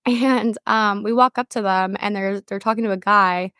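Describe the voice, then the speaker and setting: A woman's voice: mid-range voice, steady tone, moderate pace, pushed and bright, dry recording, clean studio sound. A young woman co-hosting a podcast, telling a story in a chatty way with lots of fillers. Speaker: podcast co-host. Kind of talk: casual chat.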